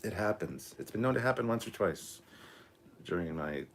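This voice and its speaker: A Canadian man in his forties hosts a loose live reaction stream in a deep, low voice. He rambles with plenty of ums, reads viewer chat aloud and keeps apologizing for a nagging cough. A faint hiss sits under the recording. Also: animated, normal speed. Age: 40s. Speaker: livestream host.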